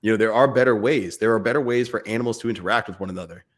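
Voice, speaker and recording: Earnest lowish-voiced father talking. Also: racing. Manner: earnest, speaks in bursts, imitates barking dad voice. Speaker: podcast co-host. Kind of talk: casual chat.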